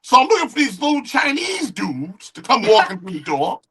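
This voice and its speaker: A middle-aged man, a music engineer and guest, casually telling studio stories in an animated way and acting out the quoted dialogue. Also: extremely high pitch, moderate pace, breathy edge. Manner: animated storyteller who acts out quoted dialogue. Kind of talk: casual interview storytelling.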